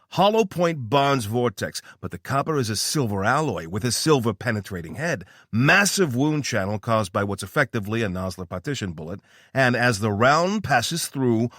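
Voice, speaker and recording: A man's voice: medium pitch, a bit bright, dry recording, clean studio sound, voice pushed up. A man voicing an eccentric, flamboyant weapons scientist with a New York accent who slips into a fake posh British voice. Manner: fast-talking, theatrical, switches to a fake posh British put-on. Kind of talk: audiobook character voice.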